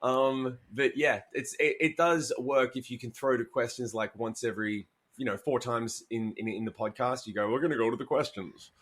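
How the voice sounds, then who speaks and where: A man's voice: medium pitch, normal speed, few pauses, fairly bright tone. A man being interviewed as a musician guest, talking candidly, swearing freely and acting out quoted asides as he tells stories.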